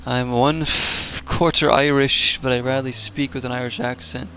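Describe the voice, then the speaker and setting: A man's voice: mid-range voice, level tone, normal speed, bright, forceful tone, a little hiss or hum. A man hosting a casual let's-play, chatting and joking with viewers and laughing often as he plays. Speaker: gaming channel host.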